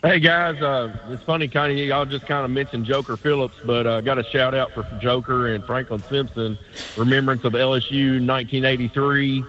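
Man, radio caller, flat delivery, mid pitch, unhurried, dull lo-fi phone line. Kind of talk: phoned-in call to talk radio.

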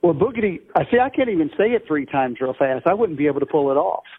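A man's voice: a little high, very animated, quick pace, husky. A man interviewing a guest on the radio in a friendly way, laughing easily. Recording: tinny phone-like line with faint noise.

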